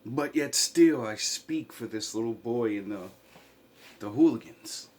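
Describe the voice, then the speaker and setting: A man in a rambling, impassioned vlog monologue, swinging from quiet mutters to loud outbursts. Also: mid-range voice, measured pace. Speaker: vlogger.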